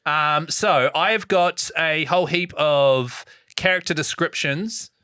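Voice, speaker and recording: A male podcast host chats casually and cracks jokes with his co-hosts. His voice is bright and close on a dry mic. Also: on the high side, slow, clear, resonant tone, dry recording. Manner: jokey, laughs often. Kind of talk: casual chat.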